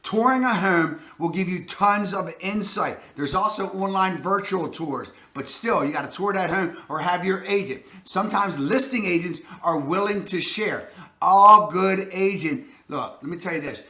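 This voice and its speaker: A man with a Baltimore accent, a real estate agent hosting an energetic advice talk, emphatic and full of catchphrases. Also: sits high, moderate pace, reverberant.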